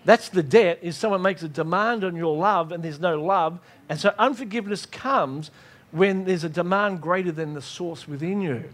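A man preaching a sermon, acting out his own prayers and God's replies in lively dialogue. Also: high-pitched, moderate pace. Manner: animated, acts out dialogues with God.

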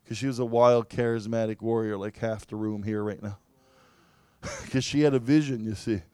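A man preaching a sermon, telling his story in an animated way, laughing often and now and then bursting into loud exclamations. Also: fairly low pitch, normal speed, clean tone, no echo. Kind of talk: sermon testimony.

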